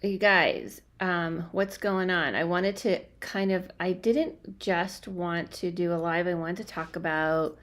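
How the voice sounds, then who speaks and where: A woman's voice: lowish voice, fairly even intonation, slow pace, hardly any pauses, a bit bright. A young woman working as a spiritual medium, chatting casually on a livestream from home, scattered and full of fillers and restarts. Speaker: medium doing live readings. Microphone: phone or webcam livestream.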